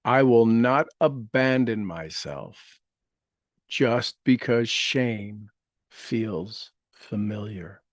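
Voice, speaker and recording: A man leading a guided meditation, speaking affirmations slowly and gently, repeating each phrase with soft trailing endings. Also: medium pitch, dry recording, clean studio sound. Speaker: meditation leader.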